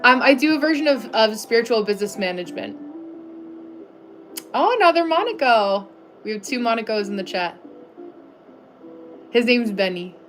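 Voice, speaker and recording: A middle-aged American woman hosting a casual livestream, chatting and reading viewers' names aloud in a friendly way, with soft music behind her. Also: fairly high pitch, expressive, normal speed, long pauses. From United States. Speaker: livestream host.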